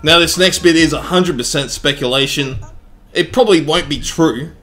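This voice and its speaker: A man giving energetic, joking gameplay commentary, full of swearing and bursts of excitement. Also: on the high side, normal speed. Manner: energetic, jokey, profane. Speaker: game commentator. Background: faint background music.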